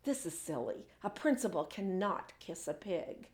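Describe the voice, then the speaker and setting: A woman's voice: fairly low pitch, expressive, normal speed, close to an everyday voice. A woman reading aloud, voicing a fussy, reluctant male school principal who protests in a flustered way. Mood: protesting. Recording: echoey room.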